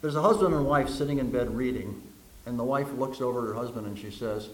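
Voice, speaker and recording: A man's voice: medium pitch, fast. Folksy preacher man in an echoey room. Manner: folksy storyteller, acts out voices in jokes. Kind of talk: sermon with jokes and stories.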